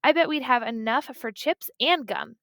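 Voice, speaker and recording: Brief: woman doing an eager, hesitant eight-year-old girl, high voice with some fry, dry close read. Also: normal speed, fairly bright tone, no room sound.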